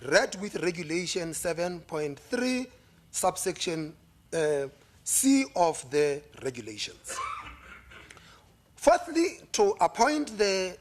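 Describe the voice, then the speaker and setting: A man with a South African accent chairs a formal meeting. His voice sits high for a man, and he reads through the agenda items steadily, pausing briefly with small fillers.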